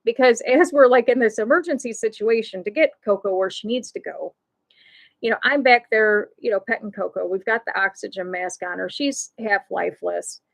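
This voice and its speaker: A woman hosting a live stream, telling a personal story in a halting way, often repeating words and restarting, laughing now and then through sad moments. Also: medium pitch, creaky, rough recording. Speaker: host.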